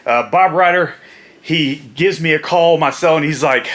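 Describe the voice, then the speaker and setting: A man, a motorcycle vlogger and former pro wrestler, telling a story casually, animated and laughing often. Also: a little high, normal speed.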